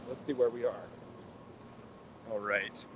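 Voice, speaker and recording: A man in his twenties livestreaming as he walks city streets, talking in a halting, reflective way with frequent sighs. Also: medium pitch, fairly even intonation, noisy background. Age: 20s. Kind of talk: walking livestream talk.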